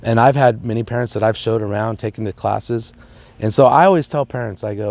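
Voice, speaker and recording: A man, a high school principal, talking earnestly in an interview and telling stories with playful asides. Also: a little fast, creaky, darkish tone. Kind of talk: reflective interview talk.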